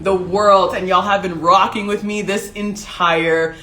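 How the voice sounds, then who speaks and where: A woman's voice: mid-range voice, steady tone, unhurried, bright, forceful tone, roomy sound. A woman hosting her own livestream, talking to viewers in an emotional, tearful, effusive way. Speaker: livestream show host. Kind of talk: solo livestream talk to viewers. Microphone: desk setup with ring light.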